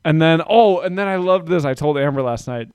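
A man's voice: fairly high pitch, fairly quick, smooth, no echo. Thirties man telling family stories casually, dry recording. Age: 30s. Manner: rambling, animated retellings with voices for his kids. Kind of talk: casual chat.

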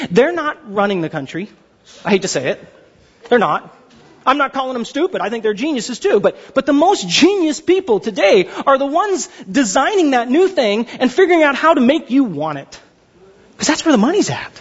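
A man's voice: very high voice, sing-song, moderate pace, husky, dull audio. A man preaching a sermon as pastor, emphatic and full of rhetorical questions.

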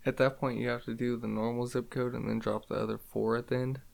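A man's voice: mid-range voice, flat delivery, fast, creaky, a little mellow. A man in casual chat who laughs often and trades playful banter.

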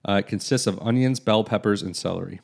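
A man's voice: fairly low pitch, fast talker, gravelly. A man around forty co-hosting a casual chat, rambling along and reading facts aloud. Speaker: podcast co-host.

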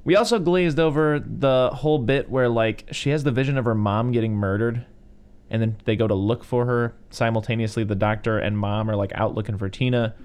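Male podcast co-host, mid-pitch, loose rambling delivery, casual chat. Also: brisk, darkish tone, clear, resonant tone. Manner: rambling, recapping plots with many fillers.

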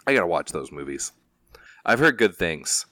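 Very animated at a normal speed, this podcast co-host has a low, bright, forceful voice in clean studio sound with no echo. He rambles through casual chat, joking self-deprecatingly.

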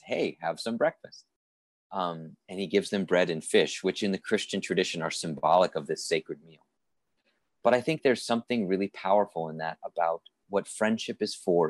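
Deep-voiced man retelling a Bible story. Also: dry recording. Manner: conversational storytelling with fillers and restarts. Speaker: speaker telling a Bible story. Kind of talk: reflective spoken sermon.

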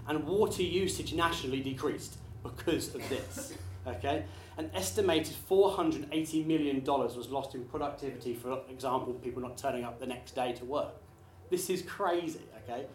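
A man doing a live stand-up routine, chatty and quick with apologetic asides to the crowd. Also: on the high side, a little hiss or hum. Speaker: stand-up comedian. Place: small theatre studio with a live audience. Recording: echoey live room, faint ambience.

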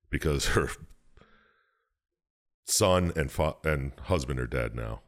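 Deep-voiced man rambling through a recap. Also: lively intonation, slow pace, long pauses. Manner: rambling, profane, jumps into silly quoted voices. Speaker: podcast co-host recapping a game story. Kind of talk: casual chat.

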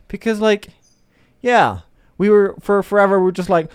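A man's voice: high-pitched, normal speed, long pauses, clean tone, no echo, clean studio sound. A young man hosting a podcast, ranting in an exasperated way, swearing and mocking the people he argues against. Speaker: podcast host. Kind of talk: casual ranting monologue.

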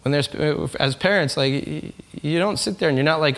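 In a church, a pastor preaches a conversational sermon to his congregation, asking them questions and acting out the voices he quotes. His voice is slightly high and a bit bright, with lively intonation, normal speed and hardly any pauses.

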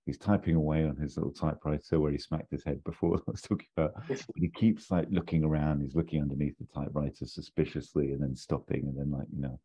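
Very deep, dark-voiced man. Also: steady tone, quick pace, few pauses, slightly rough. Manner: rambling, hesitant, many restarts and fillers. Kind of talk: casual chat, pitching a story idea. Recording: dull lo-fi recording.

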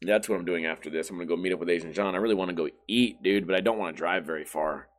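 A man hosting his own podcast, hoarse and with a failing voice, grumbling and cursing his way through a casual rant. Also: sits low, racing. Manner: profane, grumbling, self-deprecating. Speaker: podcast host.

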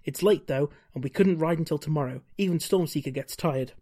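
A man's voice: on the high side, brisk, dark tone. A man reading aloud the lines of a cheerful young half-elf ranger from a gamebook, in a plain reading voice. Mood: earnest.

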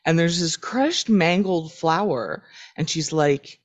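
This woman talks in a low register but with lots of melodic movement. She takes her time retelling a scene, slipping into quoted voices for the characters. It's relaxed podcast chat between co-hosts. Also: slow. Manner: animated storytelling, acts out quotes. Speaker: podcast co-host. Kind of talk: casual rewatch podcast chat.

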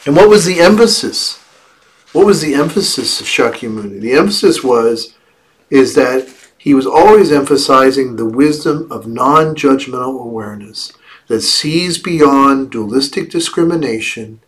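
A man giving a Buddhist dharma talk in a slow, reflective way, with playful asides. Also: mid-range voice. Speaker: Buddhist teacher.

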